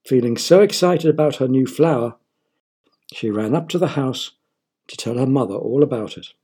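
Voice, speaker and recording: A man narrating a children's story in a playful, engaging way, pausing to ask his young listeners questions. His voice is husky and breathy, sitting at an ordinary middle pitch for a man. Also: mellow.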